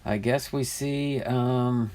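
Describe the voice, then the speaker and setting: A man's voice: medium pitch, fairly even intonation, takes it slowly, a little mellow. A man casually hosting a live stream, chatty and easily amused as he reads viewer comments aloud. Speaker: livestream host opening trading card packs.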